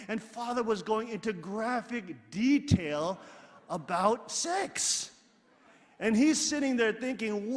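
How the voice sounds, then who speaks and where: A man delivering a sermon to a gathering, talking emphatically and repeating phrases as he builds to loud peaks. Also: high voice. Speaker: religious leader. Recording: long hall reverb.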